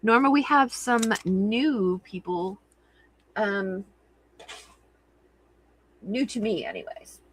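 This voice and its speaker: Giggly, animated woman host chatting. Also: mid-range voice, slow pace, long pauses, slight background noise, low-quality recording. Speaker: crafting livestream host. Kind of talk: casual chat reading viewer comments.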